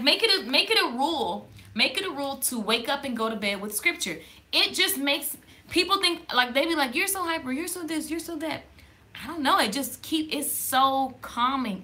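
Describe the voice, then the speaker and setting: A woman hosting a faith-based live stream, talking to the camera in a lively, conversational way and reading viewer comments aloud. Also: fairly high pitch. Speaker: livestream host. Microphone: camera in front of her.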